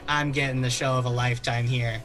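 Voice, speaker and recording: Game master doing a wealthy patron, smug, pleased, slightly low. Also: level tone, a little fast, over music, close to an everyday voice. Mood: gloating.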